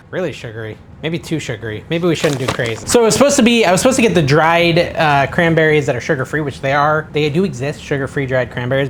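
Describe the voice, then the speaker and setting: A man's voice: fairly high pitch, slight background noise. Chatty man thinking aloud in kitchen. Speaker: cooking channel host. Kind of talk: casual cooking vlog. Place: home kitchen.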